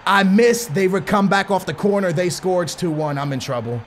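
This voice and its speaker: A young man giving excitable live commentary on his own football video game matches, muttering while he concentrates and yelling when he scores. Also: high voice, moderate pace, a little hiss or hum. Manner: excitable, bursts into shouting at goals. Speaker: gaming YouTuber.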